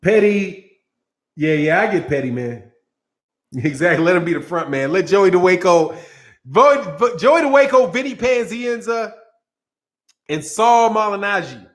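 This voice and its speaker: High-voiced man ranting about boxing. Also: animated, unhurried, long pauses. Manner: rambling, repeats words, laughs often; sarcastic, mocking. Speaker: boxing channel host. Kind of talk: casual boxing rant.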